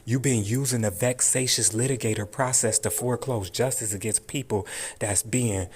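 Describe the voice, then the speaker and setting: Speaking at a moderate pace with a medium-pitched voice, a man hosting a commentary video rages in a profane, taunting manner and keeps repeating his threats.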